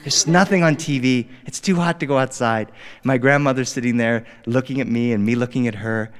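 A middle-aged man telling a family story to a live audience, playful and animated, swinging between hushed and excited. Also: mid-range voice, a little fast. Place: studio stage with live audience. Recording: reverberant hall, live audience.

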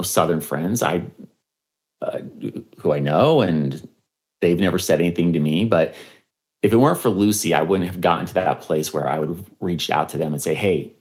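Deep-voiced man telling a story haltingly. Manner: hesitant, many fillers and restarts. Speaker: historian and podcaster, interview guest. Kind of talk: conversational interview storytelling.

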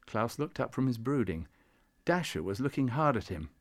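A man reading a storybook aloud in scripted narration, measured and gently expressive. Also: mid-range voice.

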